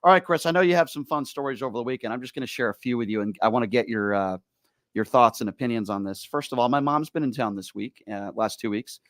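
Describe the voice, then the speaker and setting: A man hosting a talk radio show, telling stories in an animated, exasperated way. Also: mid-range voice, fast, dry recording, clean studio sound. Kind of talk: casual talk radio chat.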